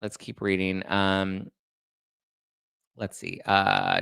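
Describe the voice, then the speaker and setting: A man's voice: deep voice, little pitch movement, slow, creaky, a bit bright, clear, resonant tone, no echo. A man hosting a casual commentary show, reading legal documents and viewer chat aloud and reacting with heated, indignant, swearing rants. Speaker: host.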